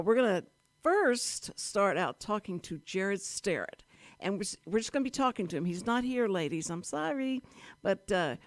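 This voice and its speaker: A woman hosting a live community radio talk show, bubbly and gushing with quick asides. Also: mid-range voice, no room sound.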